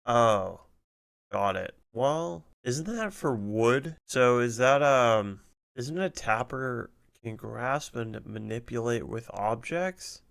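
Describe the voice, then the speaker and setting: A young man talks through his gaming stream, laid back and casual, cursing freely as he goes. His speech is slow and drawn out, with a gravelly edge under an otherwise smooth, resonant voice, close on a desk mic. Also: mid-range voice, animated, a bit bright. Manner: casual, swears often, laughs things off. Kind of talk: casual gameplay chat. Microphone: desk microphone.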